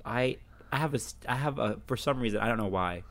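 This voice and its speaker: Young male co-host, rapid delivery, blunt opinions, loose casual chat. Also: medium pitch, a bit bright. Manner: fast, blunt, rambling with restarts. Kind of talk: casual anime review chat.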